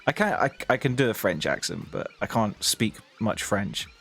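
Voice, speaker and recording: A man's voice: on the low side, big pitch swings, normal speed, gravelly, a bit bright, faint music behind. A young British man chatting casually to his viewers on a live stream, rambling and laughing often.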